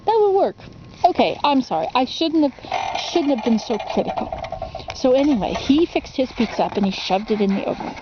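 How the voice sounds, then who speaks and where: A woman's voice: high-pitched, very animated, moderate pace, dull audio, background noise. A woman casually reading a children's storybook for ASMR, rambling into asides and asking the listener questions.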